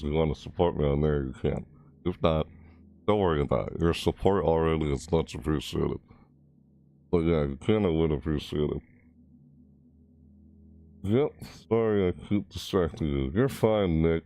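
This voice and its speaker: A man's voice: very deep voice, dark tone. A man chatting casually on a live stream, rambling, reading chat messages aloud and chuckling.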